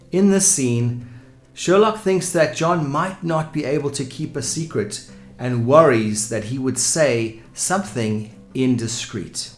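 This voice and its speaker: A man teaching English vocabulary in a clear, explanatory way, giving example sentences. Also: medium pitch. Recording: echoey room with soft music.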